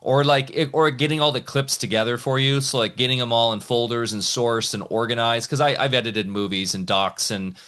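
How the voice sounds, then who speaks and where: A man speaking as a guest on a casual podcast, an entrepreneur talking excitedly in rambling bursts with many restarts. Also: mid-range voice, fairly quick, few pauses.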